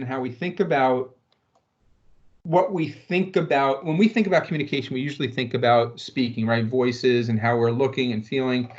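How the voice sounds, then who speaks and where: A man's voice: mid-range voice, darkish tone, muffled recording. A man leading an online workplace training session, talking in a loose conversational way with fillers and rhetorical questions. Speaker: corporate trainer.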